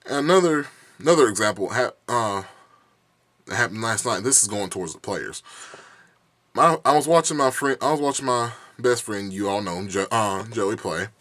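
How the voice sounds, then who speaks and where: A man's voice: on the low side, animated, moderate pace, fairly bright tone, no room sound. Rambling young man with a cough. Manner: heated, rambling, profane, many restarts and fillers. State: bad cough. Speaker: YouTube vlogger. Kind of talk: casual rant.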